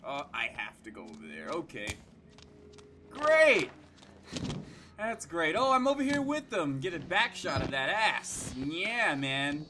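A young man casually commenting while playing a horror game, joking and yelling in fright. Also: fairly high pitch, huge pitch swings, normal speed, few pauses, background noise. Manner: loud, jokey, yelps when scared. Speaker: gaming YouTuber.

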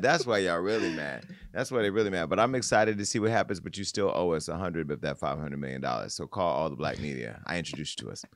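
A man's voice: low-pitched, dry recording. Sassy man hosting gossip talk, dry sound. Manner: sassy, playful, talks straight to the audience. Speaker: host. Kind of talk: casual commentary on celebrity news and politics.

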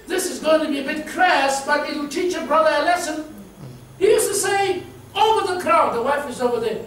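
A middle-aged South African man preaches with a high, light voice, playfully acting out quotes and stories. He is picked up from far off in a big church hall with heavy echo. There is steady noise behind him. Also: normal speed. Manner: humorous, storytelling, acts out quotes. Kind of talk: sermon. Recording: echoey hall from far off, noisy.

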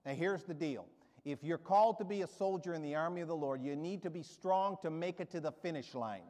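A man's voice: fairly high pitch, brisk, darkish tone. A man in his seventies preaching a sermon as a guest preacher, rousing and emphatic, with storytelling asides. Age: 70s. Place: church sanctuary. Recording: reverberant church hall.

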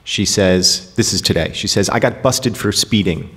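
A man's voice: fairly low pitch, normal speed, a bit bright. A middle-aged man hosting a stage conversation, teasing his guest with dry remarks and telling a short anecdote. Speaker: host. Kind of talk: conversational interview. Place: stage of a performance venue.

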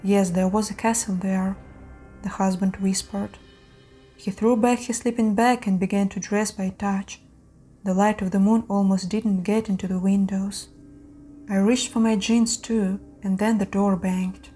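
Woman narrator for horror tales, mellow tone, faint music bed. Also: medium pitch, flat delivery, unhurried. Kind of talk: scripted horror story narration.

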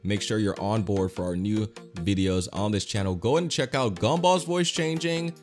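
A man hosting a video commentary, deliberately putting energy and passion into his delivery. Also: fairly low pitch, soft background music. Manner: puts on an animated, lively delivery. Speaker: YouTube commentary host.

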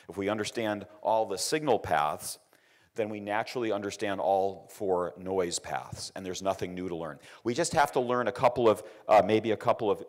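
A middle-aged man giving an engineering lecture, telling a personal story with repeated words and acted quotes. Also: on the low side. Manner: anecdotal, repeats words, quotes others in raised voice.

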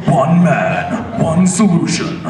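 A man doing a booming movie-trailer announcer. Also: big pitch swings. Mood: dramatic. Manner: booming, drawn-out dramatic delivery. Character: deep dramatic male movie-trailer announcer. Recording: echoey room, mic far off, audience noise.

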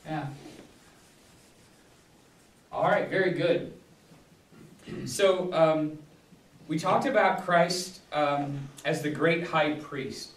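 Speaking extremely slowly and pausing often, a pastor with a voice on the high side leads a relaxed Bible study. He rambles off on tangents, restarting frequently and leaning on fillers in this casual teaching talk. The distant mic picks up an echoey room.

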